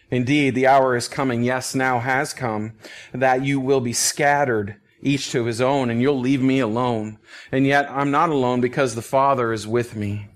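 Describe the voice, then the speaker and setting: A man preaching as a pastor, reading scripture and explaining it in an earnest, emphatic way, sometimes dropping to a hush or laughing softly. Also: mid-range voice. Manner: earnest, emphatic, with soft laughs and hushed phrases. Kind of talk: expository Bible teaching.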